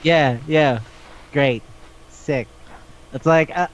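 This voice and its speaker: A man's voice: mid-range voice, fairly even intonation, slow, pauses often, clear, resonant tone. Profane ranting man, lo-fi audio. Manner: profane, exasperated ranting with acted-out quotes. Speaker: podcast co-host. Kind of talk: casual chat reviewing a manga. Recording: dull lo-fi audio.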